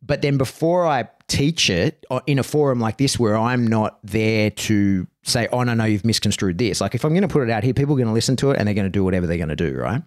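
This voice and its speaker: A man's voice: on the low side, animated, fast, few pauses. A man hosting a podcast about dog training, chatting casually and rambling, peppering his talk with "right?" and "like" and the odd swear word.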